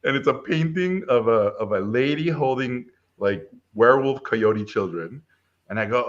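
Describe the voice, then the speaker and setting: A man's voice: medium pitch, normal speed. A middle-aged man, a film director, telling a personal story in a casual interview and acting out the people in it. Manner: lively storyteller who acts out voices. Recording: dull lo-fi sound.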